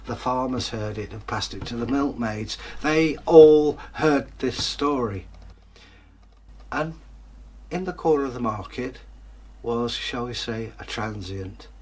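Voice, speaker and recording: A male storyteller telling a fairytale aloud, lively and theatrical, dropping in chatty asides to the listener. His voice sits in a middle pitch. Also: takes it slowly, slight background noise. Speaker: storyteller and channel host.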